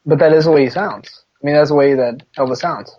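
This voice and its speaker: A man's voice: fairly high pitch, fairly even intonation, fast talker, mellow. A man co-hosting a podcast in casual chat, rambling and laid-back, laughing often. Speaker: podcast co-host. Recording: dull lo-fi podcast audio.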